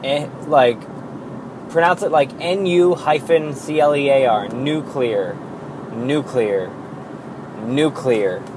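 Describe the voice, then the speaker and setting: A man talks through a solo podcast in an unhurried, drawn-out way, rambling and poking fun at himself, with plenty of filler words. His voice sits at an ordinary pitch. A steady hiss of background noise runs under the recording. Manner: rambling, self-deprecating, with frequent fillers and swearing; slow and drawn-out. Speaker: podcast host. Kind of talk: casual solo podcast monologue.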